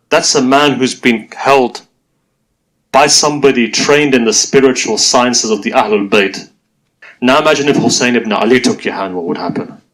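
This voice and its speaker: A man's voice: mid-range voice, fairly bright tone, rough recording. A man preaching a mourning sermon, telling a story in a conversational way and speaking straight to his listeners. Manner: conversational storytelling, addressing the audience directly. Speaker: Muslim preacher.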